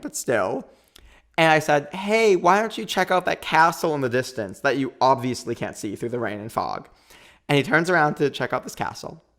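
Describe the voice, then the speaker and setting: A man in his thirties, a podcast guest, telling a long story in a lively, quick way and acting out what people said. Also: mid-range voice. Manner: animated, quick storytelling with acted-out quotes. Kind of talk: storytelling in a casual interview.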